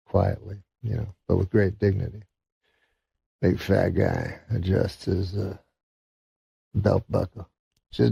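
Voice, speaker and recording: A man from Canada telling long, rambling jokes in a deadpan way on a talk show. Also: low-pitched, gravelly, husky, no room sound. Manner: rambling, drawn-out setups with many fillers. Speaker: comedian guest.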